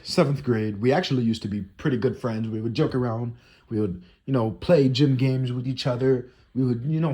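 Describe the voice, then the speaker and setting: A man's voice: mid-range voice, dark tone, husky. A teenage boy telling a casual storytime monologue, rambling with lots of "you know" and "like" fillers. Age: teens.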